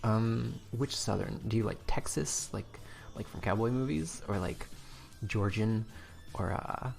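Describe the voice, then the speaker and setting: A man's voice: lowish voice, unhurried, vocal fry, darkish tone. A man streaming live as a game developer, chatting casually in a rambling way with a slightly stiff throat. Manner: rambling, self-interrupting, reads docs aloud.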